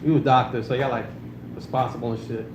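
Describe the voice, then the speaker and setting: Holding a handheld mic before a live club audience, a man talks fast in a medium-pitched, level voice through a crude, laid-back stand-up routine peppered with filler. The lo-fi recording has a roomy club sound and faint noise.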